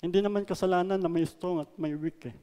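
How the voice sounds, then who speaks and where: A man with a Filipino accent preaching a sermon, mixing English and Tagalog, stressing words loudly and then letting lines trail off softly. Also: high voice, fairly even intonation, fast, in a large hall. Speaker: pastor. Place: church hall.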